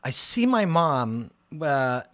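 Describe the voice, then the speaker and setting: A man hosting a casual livestream chat about fights, rambling and excitable, with lots of fillers. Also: mid-range voice, takes it slowly. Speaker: MMA analyst and show host. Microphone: phone and computer livestream.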